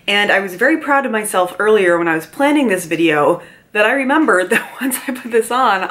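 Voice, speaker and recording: A woman reviewing a beauty product in a casual, chatty way, reading details aloud with quick asides while sitting at home with a mild cold. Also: medium pitch, fairly bright tone. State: mild cold, mouth breathing. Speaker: beauty vlogger.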